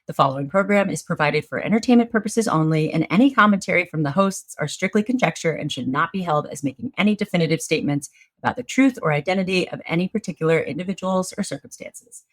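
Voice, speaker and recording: A woman reading a scripted legal disclaimer in a measured, formal manner. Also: on the low side, expressive, no room sound.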